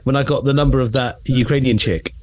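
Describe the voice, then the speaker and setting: A comedian co-hosting a podcast over a video call, animated and joking, swearing freely. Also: male voice, medium pitch, fast, background noise. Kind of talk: casual chat. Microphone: remote video call.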